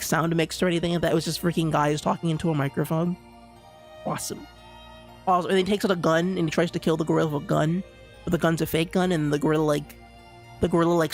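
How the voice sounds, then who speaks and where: A live streamer in casual chat, rambling and excitable, with lots of stammered restarts. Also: mid-range voice, vocal fry.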